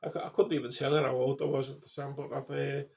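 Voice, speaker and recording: A man's voice: mid-range voice, flat delivery, fast talker, creaky. A man in his fifties, rambling casually, swearing and restarting his sentences. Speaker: vlogger.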